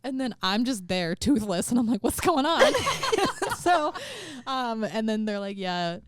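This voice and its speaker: Speaking at a measured pace with a fairly high pitch, a young woman chats casually as a podcast co-host, with slight background noise behind her. She tells stories animatedly, acting out quotes as she goes.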